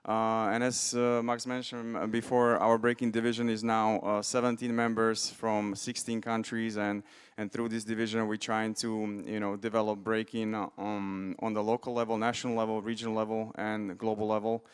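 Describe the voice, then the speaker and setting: A man's voice: fairly low pitch, completely flat delivery, normal speed, smooth. A man speaking as a division official at a conference panel, matter-of-fact, with many fillers.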